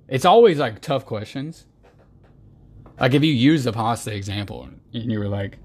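A man's voice: medium pitch, lively intonation, normal speed. A man hosting a podcast who rants in an emphatic, exasperated monologue. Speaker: podcast host. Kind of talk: ranting monologue.

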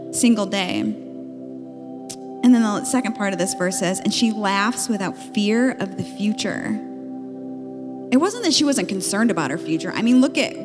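A woman in her thirties giving a chatty, playful conference talk from a stage, reading scripture and telling stories about her life. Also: medium pitch. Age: 30s. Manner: chatty and playful, with lots of "like" and laughter. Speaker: podcast co-host speaking at a marriage conference. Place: conference stage in a large hall. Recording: live hall recording with reverb and music under it.

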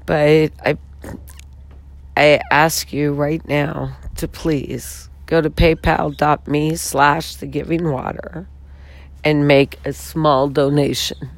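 A woman with a raspy, hoarse voice pleads earnestly for support, taking her time over each phrase. She sounds heartfelt and frustrated rather than polished. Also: low voice, flat delivery, takes it slowly. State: hoarse from talking all weekend. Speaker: founder pitching her water advertising venture. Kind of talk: earnest direct-to-camera pitch.

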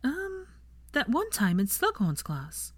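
A woman's voice: high-pitched, huge pitch swings, no echo, pitched above the performer's own voice, full character voice. A woman voicing a bossy, witty young woman who teases and scolds with a dry, sarcastic edge. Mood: bright, teasing. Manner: brisk, teasing, sarcastic.

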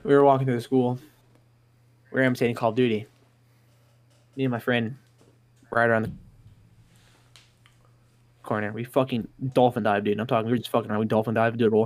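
A man's voice: medium pitch, little pitch movement, brisk, pauses often. A young man telling a rambling, profane story in casual chat.

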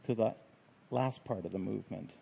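A man preaching a sermon in a gentle, reflective way, with unhurried phrasing. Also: fairly low pitch, vocal fry, slight background noise, rough recording. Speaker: pastor.

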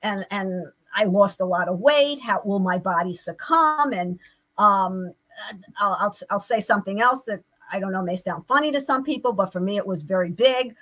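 A woman's voice: mid-range voice, animated, normal speed, a bit bright, poor audio. An older woman, a therapist and guest, telling her own story in an earnest, reflective way. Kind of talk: personal storytelling in an interview.

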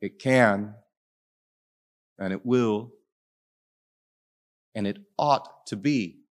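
Man, Catholic priest, preaching, lowish voice, dramatic storyteller, shifts between quiet and loud. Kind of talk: sermon.

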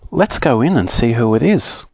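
A man's voice: mid-range voice, lively intonation, normal speed, dry recording. An Australian man doing an anxious young girl. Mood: alarmed. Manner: puzzled, alarmed questioning.

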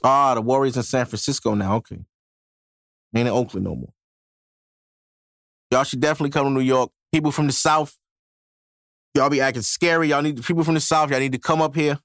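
A man's voice: mid-range voice, steady tone, brisk, long pauses, fairly bright tone, no echo. Male podcast host, casual solo rant, heavy slang and cursing, dry close-mic sound. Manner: loose, profane street slang with frequent laughs. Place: home podcast setup in New York.

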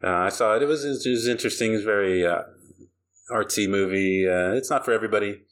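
Deep-voiced man rambling on a podcast. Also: fast. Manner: rambling, animated, laughs often. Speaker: podcast host. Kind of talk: casual chat.

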